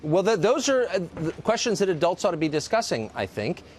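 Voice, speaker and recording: A male news host with a fairly high voice interviews a guest on a cable news show. His pitch moves a lot as he asks pointed, probing questions. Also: sing-song, a little fast, a little hiss or hum.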